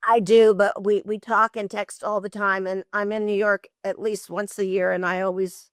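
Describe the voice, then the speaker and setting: An older woman telling lively, expressive stories as an interview guest, often laughing. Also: medium pitch, moderate pace, no room sound, clean studio sound. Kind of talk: animated storytelling.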